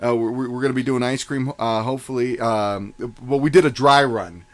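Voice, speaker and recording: A man's voice: medium pitch, steady tone, fairly quick. A man co-hosting a live talk show, telling a rambling story in casual banter, chuckling and humming jingles along the way. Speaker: co-host.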